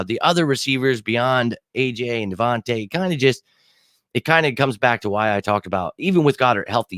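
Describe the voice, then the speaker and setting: An excitable man in his thirties hosts a live sports stream in casual chat, swearing freely and filling gaps with "uh" and "you know". His voice sits at an ordinary middle pitch. The sound is dry and close, with no room echo. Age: 30s. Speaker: sports show host.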